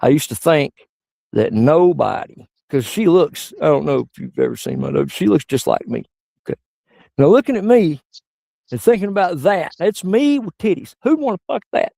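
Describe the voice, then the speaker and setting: A middle-aged comedian with a gravelly, rough voice, spinning crude rambling stories. The sound is dry and close, with no room around him. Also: male voice, sing-song, normal speed, warm tone, dry recording. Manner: crude, rambling anecdotes with sudden high-pitched outbursts. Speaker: stand-up comedian. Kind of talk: stand-up storytelling.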